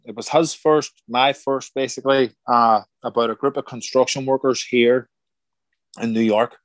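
A middle-aged man, a former boxer turned actor, telling stories in a casual interview, animated and acting out quoted voices. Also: medium pitch, normal speed, no echo. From Ireland. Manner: animated, acts out quoted voices, repeats words. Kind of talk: casual conversational storytelling.

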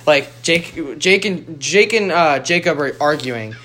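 A man's voice: fairly high pitch, expressive, slow, sharp tone. A teenage boy in casual chat, joking around and retelling stories about friends. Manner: joking, mimics friends in quotes.

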